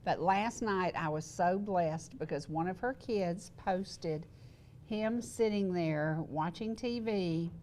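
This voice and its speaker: An older woman hosting a local TV talk show, chatty and quick to laugh, wheezy and congested. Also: on the low side, darkish tone, a little hiss or hum. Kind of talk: casual chat. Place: TV studio set.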